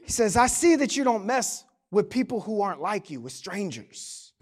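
High-voiced animated male preacher. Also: moderate pace. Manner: animated, joking asides to the congregation. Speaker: pastor. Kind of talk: sermon.

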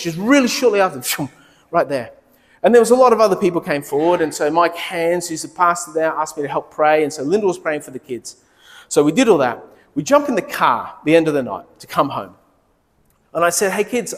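A middle-aged male pastor with a high-pitched voice preaches by telling personal stories, animated and conversational, acting out quoted dialogue. A long reverb tail follows his words.

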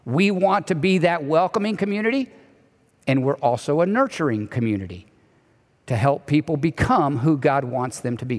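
A man preaching a sermon as pastor, animated, sometimes dropping to a soft hushed voice. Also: fairly high pitch, normal speed. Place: church sanctuary. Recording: long reverb of a large hall.

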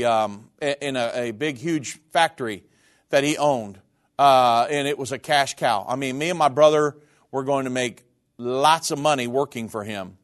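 A middle-aged man in ministry giving an earnest, emotional sermon testimony about his own life. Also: medium pitch. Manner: earnest, personal, emotional storytelling.

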